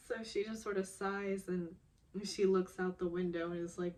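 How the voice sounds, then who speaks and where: Young woman, casual recap vlogger, slow pace, emotional and giggly. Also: on the low side, steady tone, fairly bright tone. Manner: emotional, giggly, acts out quotes.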